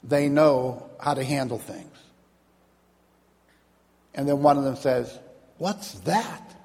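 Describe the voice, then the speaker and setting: A man's voice: medium pitch, flat delivery, slow pace, a little mellow. A man preaching a sermon as a pastor, telling stories and acting out the voices of the people in them. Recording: long hall reverb.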